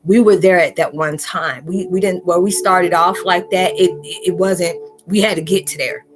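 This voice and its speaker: A woman vlogger speaks straight to her viewers in a heartfelt, rambling way, drifting from thought to thought. She slips into the voices of the people she quotes. Faint music plays softly behind her. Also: fairly low pitch, steady tone, normal speed. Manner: earnest, rambling, emotional, acts out quoted people. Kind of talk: heartfelt monologue to camera.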